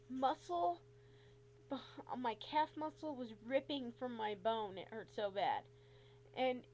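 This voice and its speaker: High pitched woman ranting through a story in a vlog, lively and fed up, faint hum behind. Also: poor audio. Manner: animated, exasperated retelling with frequent asides. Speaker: vlogger. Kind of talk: casual storytelling to camera.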